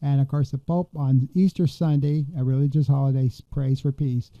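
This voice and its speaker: A man's voice: mid-range voice, level tone, moderate pace, warm tone, no room sound, muffled recording. A man hosting a political commentary podcast, talking in a rambling, indignant way with many fillers and restarts. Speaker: podcast host.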